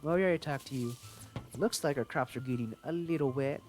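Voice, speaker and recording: A man's voice: mid-range voice, fast, a little mellow, soft background music. Rambling young man streaming a game. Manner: rambling, playful, reads game dialogue aloud. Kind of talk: casual live-stream gameplay chat.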